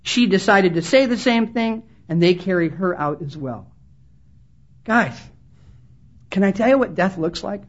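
A woman's voice: mid-range voice, expressive, measured pace, pauses often. A woman preacher delivering an impassioned sermon at a conference, acting out quoted voices and urging her listeners to listen. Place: conference hall. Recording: dull lo-fi sermon recording.

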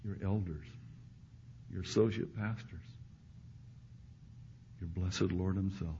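Deep-voiced preacher swinging hushed to loud. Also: male voice, steady tone, takes it slowly. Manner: swings between hushed, intimate lines and loud, emphatic ones. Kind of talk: sermon to a live congregation. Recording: muffled recording with faint background hiss.

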